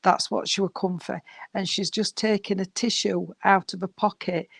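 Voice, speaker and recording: A woman's voice: mid-range voice, little pitch movement, moderate pace, gravelly, no echo. A woman, a medium giving a chatty psychic reading. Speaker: spiritual medium.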